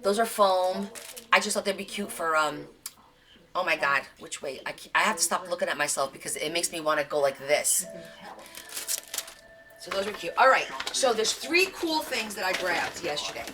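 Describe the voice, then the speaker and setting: A woman's voice: lowish voice, lively intonation, moderate pace. Woman craft host, casual live show-and-tell, gushing and chatty; voice swoops up and down a lot. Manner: chatty, gushing over thrift finds.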